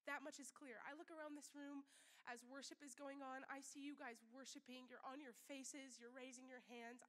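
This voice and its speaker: A woman's voice: sits high, fairly bright tone, big-room sound. A woman missionary preaching a sermon in a church meeting room, earnest and emphatic, repeating key phrases, sniffling as she speaks.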